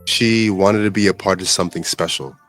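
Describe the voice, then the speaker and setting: A man hosting a reaction show, weighing in with calm, measured commentary and a moralizing tone. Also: sits low, faint music behind. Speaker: reaction host.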